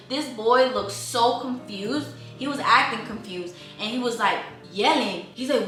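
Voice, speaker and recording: A young woman vlogger telling a story in casual slang while cooking, acting out her own past lines loudly. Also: mid-range voice, a little fast, hardly any pauses. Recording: roomy echo, mic far off, music behind.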